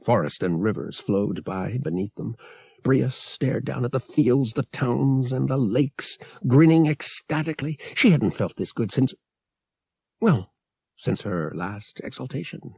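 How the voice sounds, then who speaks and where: A man reading an audiobook in measured, expressive scripted narration. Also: medium pitch, creaky, slightly rough, no room sound, clean studio sound.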